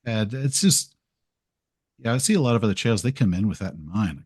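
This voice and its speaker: A man chats as a podcast guest, low and a little husky in tone. He rambles, makes fun of himself and acts out his own remarks. The sound is dry and close. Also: animated, fairly quick, darkish tone, no echo. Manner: rambling, self-deprecating, acts out quotes. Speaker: podcast guest, game video creator. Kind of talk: casual interview storytelling.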